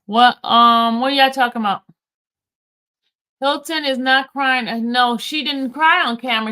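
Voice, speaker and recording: A woman's voice: high voice, measured pace, pushed and bright. A woman hosting a livestream recap. She reads court filings aloud, stumbling over the legal wording, and talks casually straight to her viewers in chat. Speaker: livestream host.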